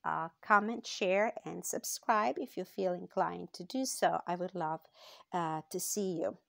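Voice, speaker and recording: A woman with a gravelly, fry-edged voice gives a casual tarot card reading for her channel. She talks slowly and thoughtfully, pausing often and filling gaps with little fillers. The sound is dry and close. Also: on the low side, dry recording. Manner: slow, thoughtful, with frequent pauses and fillers.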